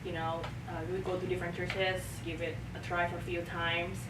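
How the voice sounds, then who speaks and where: A woman's voice: on the low side, level tone, a little fast. A woman working as a church communications administrator, answering interview questions in a friendly, easygoing way. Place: warm room at a church. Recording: roomy distant mic with noise.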